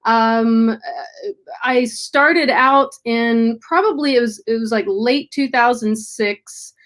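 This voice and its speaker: Guest, woman from Los Angeles, fairly high voice, friendly and relaxed, video call. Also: slow pace. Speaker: guest puppeteer. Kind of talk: interview answers.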